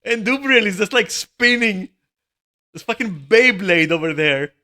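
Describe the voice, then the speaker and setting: A man's voice: high-pitched, animated, a little slow, pushed and bright. A man giving live gameplay commentary, swearing often, laughing and exclaiming in dismay. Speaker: gamer streaming a raid.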